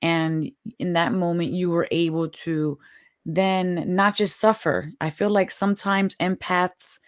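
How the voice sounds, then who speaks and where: Low-voiced woman host, dry and close. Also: steady tone, unhurried, dry recording. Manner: affirming, empathetic questioning. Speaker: podcast host. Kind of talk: interview conversation.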